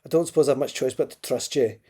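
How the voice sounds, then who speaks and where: A man's voice: medium pitch, fast talker, mellow, husky, natural voice. A man reading aloud and voicing a shy, tearful young runaway who talks hesitantly.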